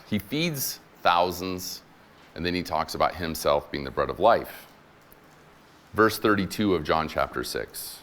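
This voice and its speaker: A man's voice: low-pitched, a bit bright, slight background noise. A man, a military chaplain, preaching as a guest speaker and retelling scripture in a casual, playful way with slang. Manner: acts out quoted voices in conversational paraphrase. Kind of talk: sermon.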